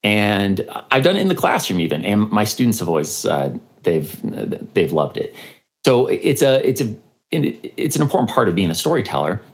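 A man's voice: lowish voice, very animated, moderate pace. A man, a historian and podcaster, telling a story in an interview, with many fillers and restarts.

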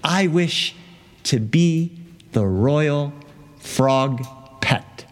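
A man's voice: on the high side, lively intonation, very slow, long reverb tail. A man voicing a persistent, bargaining talking frog in a told fairy tale. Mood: insistent. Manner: insistent, bargaining.

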